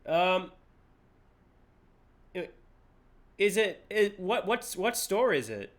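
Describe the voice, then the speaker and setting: With game music playing behind him, an adult man streams gameplay and chats live, joking around and laughing at his own expense. His high-pitched voice is very animated, though he takes his time.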